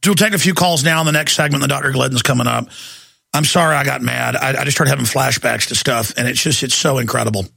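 Gravelly-voiced angry radio host man. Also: mid-range voice. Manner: angry, shouting at times, fast bursts. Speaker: radio talk show host. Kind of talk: heated talk radio monologue.

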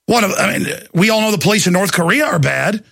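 A man's voice: high voice, animated, fast talker, vocal fry, fairly bright tone. A man hosting a show, commenting on a video clip in a sarcastic, indignant way. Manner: sarcastic, indignant, laughs a lot. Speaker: TV show host.

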